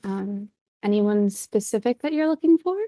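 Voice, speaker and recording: A woman's voice: medium pitch, lively intonation, normal speed, warm tone, close to an everyday voice. A woman voicing a cheerful, polite young farm woman who speaks with hesitant fillers.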